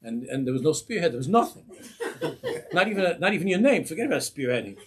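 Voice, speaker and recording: A man giving an informal Torah class as a rabbi, lively and humorous, laughing at his own examples and mixing in Hebrew and Yiddish terms. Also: fairly high pitch, quick pace. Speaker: rabbi teaching a weekly class.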